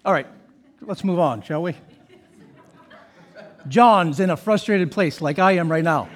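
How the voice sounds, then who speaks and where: Male pastor, high voice, emphatic sermon delivery full of rhetorical questions. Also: a little slow.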